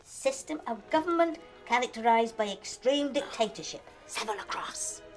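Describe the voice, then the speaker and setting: An older actress as a prim, sly old hotel clerk. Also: female voice, a little high, expressive, normal speed, faint music behind, lightly acted. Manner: politely sly, clipped replies. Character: prim elderly female hotel clerk, secretly murderous. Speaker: film character.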